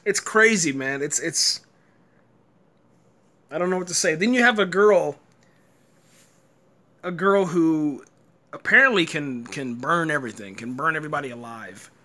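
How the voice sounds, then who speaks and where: A man's voice: a little high, expressive, measured pace, pauses often, bright, forceful tone. A man giving a casual, exasperated review rant, stumbling and repeating words and breaking into laughter. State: tired, early morning.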